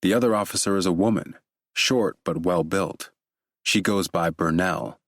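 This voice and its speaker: A male audiobook narrator with a very low voice reads a thriller in a measured, steady way. The recording is close and dry. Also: no echo.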